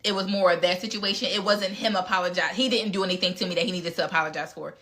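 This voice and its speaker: A woman's voice: lowish voice, steady tone, fast talker, fairly bright tone. A woman speaking frankly and bluntly in casual talk, answering audience questions live, with some cursing.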